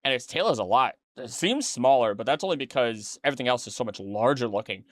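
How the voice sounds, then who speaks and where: A man with an expressive, medium-pitched voice talks fast on a close, dry mic. A tired streamer yawning late at night, he reacts to a documentary with casual, rambling commentary, correcting himself and tossing in chatty asides.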